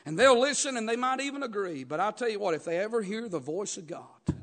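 A man's voice: high voice, expressive, fairly quick. A man preaching a sermon, rhythmic and emphatic, studded with "uh" and calls of "Amen?". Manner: rhythmic preaching with frequent "uh" and "Amen?" call-outs, rising to shouts.

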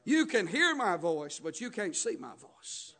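High-voiced preacher calling "Amen?". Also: male voice, big pitch swings, unhurried. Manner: rhythmic preaching with frequent "uh" and "Amen?" call-outs, rising to shouts. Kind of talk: sermon.

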